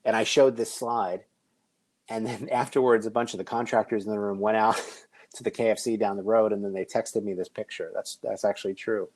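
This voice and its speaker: A man's voice: fairly low pitch, steady tone, fairly quick, a little mellow. A middle-aged man giving a conference keynote, conversational with joking asides. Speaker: conference speaker. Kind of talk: keynote presentation.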